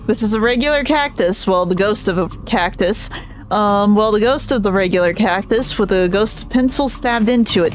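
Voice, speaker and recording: A woman streamer giving chatty, giggly commentary while she plays a game. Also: medium pitch. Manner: chatty, giggly, thinking aloud. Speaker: VTuber streamer. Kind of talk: casual gameplay commentary.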